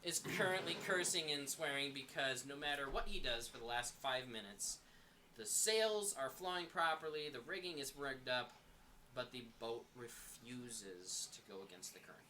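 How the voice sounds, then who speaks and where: Bright-voiced man narrating as game master. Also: mid-range voice, a little hiss or hum. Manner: relaxed, pauses with ums while narrating. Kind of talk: casual chat and game narration.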